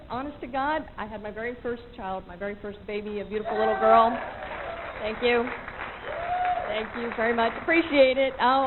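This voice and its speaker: High-voiced woman doing stand-up. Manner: chatty, self-mocking, quick asides to the crowd. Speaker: stand-up comedian. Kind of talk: stand-up routine. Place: comedy club stage. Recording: tinny old VHS tape with hiss.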